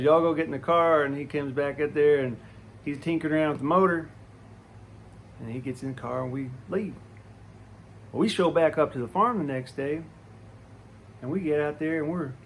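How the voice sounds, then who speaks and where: A man's voice: on the high side, slight background noise. A man telling a childhood story in a folksy, rambling way, full of restarts and asides. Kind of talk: casual storytelling.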